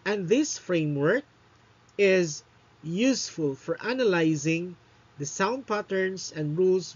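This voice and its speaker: Male teacher with a slow, unhurried delivery, checks in with "no?" after his points; muffled lo-fi audio. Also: high-pitched, slightly rough. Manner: often ends points with a questioning "no?"; explains step by step with fillers and pauses. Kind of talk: recorded lecture. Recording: dull lo-fi recording.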